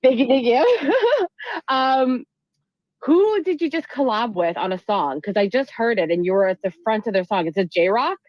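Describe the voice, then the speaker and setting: A woman's voice: a little high, animated, moderate pace, no room sound, lo-fi sound. A woman in a live audio chat, teasing and laughing in banter.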